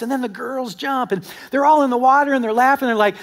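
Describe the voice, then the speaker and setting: Speaking fast with hardly any pauses, a pastor with a notably high voice delivers a sermon to his congregation. His storytelling is animated and conversational, acting out quotes and often addressing the people in front of him directly.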